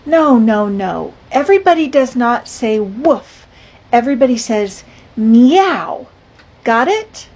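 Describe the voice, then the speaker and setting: An older woman voicing a bossy, exasperated cat in a storybook read-aloud, loud and emphatic, with a husky voice. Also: a little high, sing-song, takes it slowly, heavily acted. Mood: insistent. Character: bossy cat insisting everyone meow.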